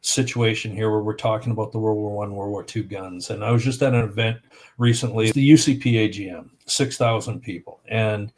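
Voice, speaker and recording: A man from Canada, a podcast guest, telling anecdotes in a lively, conversational way. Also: on the low side, a little hiss or hum. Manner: animated storyteller, acts out voices in anecdotes. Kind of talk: casual storytelling in a podcast.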